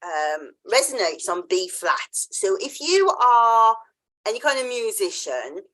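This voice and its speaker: A woman's voice: mid-range voice, very animated, unhurried, a bit bright. A woman hosting a podcast interview, chatting casually and telling a story, acting out the voices she quotes and laughing often. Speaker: podcast host.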